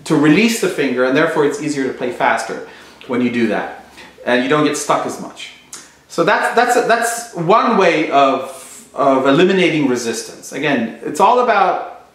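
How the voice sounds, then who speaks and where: A man teaching flamenco guitar technique, explaining thoughtfully and searching for his words. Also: a little high. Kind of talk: instructional explanation. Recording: very echoey room.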